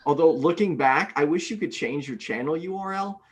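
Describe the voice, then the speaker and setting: A man's voice: on the high side, brisk. A man in a casual group chat giving a laid-back, rambling explanation of his channel. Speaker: atheist YouTuber.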